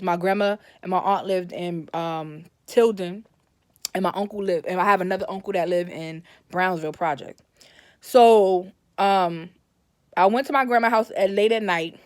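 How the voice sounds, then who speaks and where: A woman's voice: medium pitch, no echo, studio quality. A woman telling a personal story in a casual, rambling way, often correcting herself and livening up when she quotes her family. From Brooklyn, New York.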